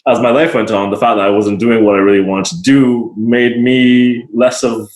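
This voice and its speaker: A man's voice: mid-range voice, fairly even intonation, normal speed, a little mellow, reverberant, poor audio. A man being interviewed as a podcast guest, talking in a rambling, reflective and self-deprecating way. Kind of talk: casual conversational interview.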